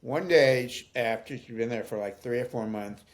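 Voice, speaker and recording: An older man speaking as an interview guest, telling stories in a thoughtful, halting way with many fillers. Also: mid-range voice. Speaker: guest, founder of an aging nonprofit. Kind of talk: conversational storytelling interview.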